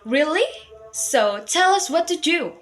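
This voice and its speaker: Hungry storybook crocodiles, greedy and eager, calling out loudly, as a teenage girl puts them on. The voice rises high and strong. Faint music sits underneath. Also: very animated, takes it slowly. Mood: excited.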